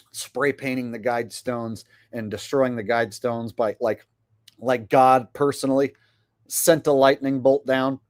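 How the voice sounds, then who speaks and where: A male streamer chatting casually to his viewers in a loose, rambling way. He speaks slowly and keeps stopping to hesitate. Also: medium pitch. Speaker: channel host. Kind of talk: casual livestream commentary.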